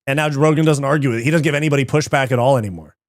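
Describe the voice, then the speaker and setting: A man's voice: medium pitch, racing, no room sound, studio quality. Loose, swearing male stream host. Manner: loose, swears a lot, laughs easily. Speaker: host of a live fight watch party. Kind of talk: casual live-stream chat, reading chat aloud.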